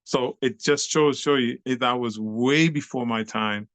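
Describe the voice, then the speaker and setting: A man's voice: medium pitch, a little slow, a bit bright, no room sound. A middle-aged man, a guest on an interview show, telling a story animatedly, swearing freely in street slang and acting out scenes with beats and sound effects.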